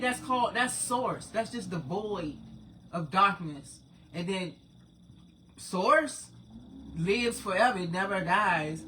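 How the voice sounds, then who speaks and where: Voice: mid-range voice, a bit bright, a little hiss or hum. Streetwise, profane speaker in their forties. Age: 40s. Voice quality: profane, rambling, streetwise talk. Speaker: spiritual channel host. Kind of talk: casual spiritual monologue to viewers.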